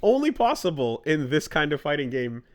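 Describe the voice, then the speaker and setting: A man's voice: fairly high pitch, sing-song, moderate pace. A man co-hosting a podcast in casual chat, rambling with lots of fillers as he explains game mechanics. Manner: rambling, filler-heavy, enthusiastic about fighting games. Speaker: podcast co-host.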